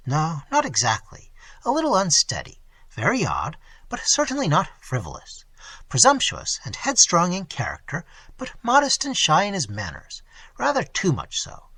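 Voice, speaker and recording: A staid, earnest middle-aged husband with a touch of peevishness, as a male reader plays him. The delivery swings widely in pitch and sounds bright and slightly husky in a dry storybook recording. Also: no echo, full character voice.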